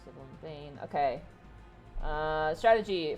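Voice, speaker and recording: A woman's voice: lowish voice, big pitch swings, a little slow, faint music behind. A woman casually commenting on a video game as she plays, reading its text aloud and swearing now and then. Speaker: streamer. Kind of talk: casual let's-play commentary.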